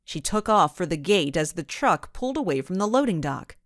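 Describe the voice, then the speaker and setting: A woman narrating a children's mystery audiobook in an expressive storytelling manner. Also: lowish voice, fairly quick, no room sound, clean studio sound.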